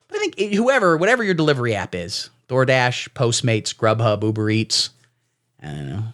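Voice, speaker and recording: A man's voice: medium pitch, a bit bright. A man giving sarcastic, rambling comedy commentary as he reads out texts, slipping into silly voices for the quotes. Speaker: comedy streamer. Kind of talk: satirical commentary reading texts.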